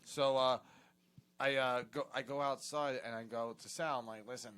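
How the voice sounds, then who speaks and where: A man's voice: mid-range voice, brisk, a bit bright, slight background noise. A man telling a long, rambling, profane story in casual podcast chat, laughing as he goes. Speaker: comedian podcast co-host.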